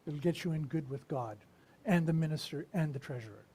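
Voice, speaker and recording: A minister giving a conversational sermon, asking the congregation questions and pausing to reflect. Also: mid-range voice, mellow, husky. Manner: unhurried and reflective, with pauses.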